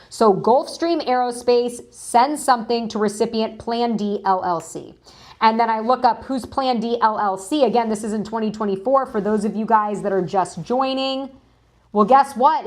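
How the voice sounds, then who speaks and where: A woman hosting a live news stream, chatting casually and greeting viewers in chat as she talks through documents. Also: a little high. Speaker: livestream news host.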